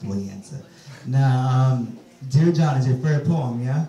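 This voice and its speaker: A man's voice: medium pitch, animated, moderate pace, mellow, highs cut off. A man hosting a live poetry event, asking questions with playful, teasing banter. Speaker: host. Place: echoey venue with an audience. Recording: echoey venue, distant mic, crowd noise.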